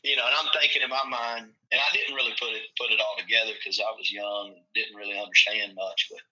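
Folksy man, bright voice. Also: on the low side, steady tone, quick pace. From Tennessee. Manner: folksy, rambling, acts out quoted voices. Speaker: football coach. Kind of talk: casual storytelling chat. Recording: muffled lo-fi recording.

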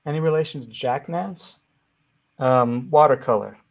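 An easygoing man co-hosting a casual conversation, speaking in a mid-range voice. He reacts readily, chimes in with quick remarks, and sometimes takes over with a memory of his own. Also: mid-range voice, vocal fry. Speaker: host, illustrator. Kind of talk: casual chat.

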